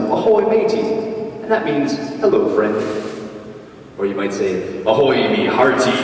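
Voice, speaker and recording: A man giving a playful comic speech at a job club, telling a story with animated timing in a large meeting hall. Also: medium pitch. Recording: distant echoey hall, faint noise.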